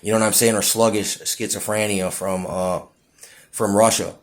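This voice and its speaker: A man with a low, gravelly voice talks in a loose, rambling monologue. He trips over his words, restarts sentences, and keeps dropping "dude" and "you know what I'm saying.". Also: level tone, normal speed. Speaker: vlogger.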